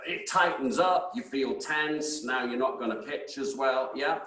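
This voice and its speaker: A man's voice: medium pitch, a little slow, a bit bright, reverberant, far from the mic. A man hosting an interview, chatty and often ending his points with a questioning "yeah?". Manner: chatty, frequent tag "yeah?". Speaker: podcast host. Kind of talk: interview conversation.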